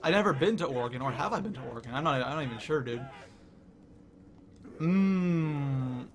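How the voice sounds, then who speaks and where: A young man from Canada hosting a live game stream, excitedly reading the chat out loud. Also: on the high side, normal speed.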